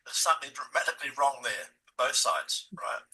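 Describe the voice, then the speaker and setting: A man in his seventies hosting a podcast, telling stories in a casual, animated way and often calling his listeners guys. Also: medium pitch, a little fast, recorded from a distance, rough recording. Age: 70s. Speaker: podcast host. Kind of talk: casual interview chat.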